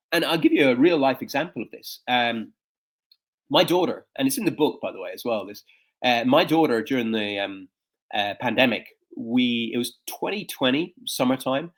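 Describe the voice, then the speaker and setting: Guy, coach type, chatty storyteller, lots of uh and um, medium pitch. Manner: animated storyteller with frequent fillers. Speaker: guest speaker and coach. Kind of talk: conversational interview storytelling.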